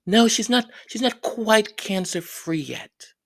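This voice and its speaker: Gravelly, sarcastic woman commentator. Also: mid-range voice, animated, slow pace. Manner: mocking, mimics others in quoted asides; repeats words for effect. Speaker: royal commentary host.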